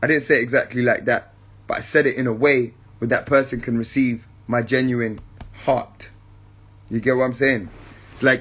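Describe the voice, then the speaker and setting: Over slight background noise, a man hosts a spiritual podcast in a mid-range, somewhat bright voice with fairly even intonation. His talk is reflective and unhurried, with repeated points for emphasis and frequent check-ins with listeners he calls family.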